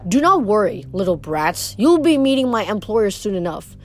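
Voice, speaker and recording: A woman's voice: mid-range voice, big pitch swings, normal speed, natural voice. A woman reading aloud, voicing a smug male monster villain who speaks in formal, mocking threats. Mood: menacing. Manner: mocking, formal menacing speech.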